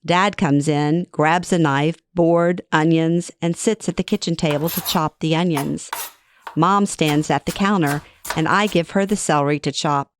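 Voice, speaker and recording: A woman's voice: low-pitched, steady tone, unhurried. A middle-aged woman reads her own personal story aloud in a wry, conversational, self-deprecating way. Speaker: author reading her own memoir. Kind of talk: first-person story narration.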